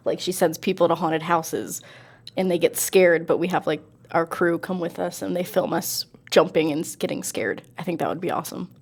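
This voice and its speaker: A young adult woman co-hosting a casual chat, upbeat and teasing and quick to laugh. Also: on the low side, fairly even intonation, gravelly. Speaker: co-host.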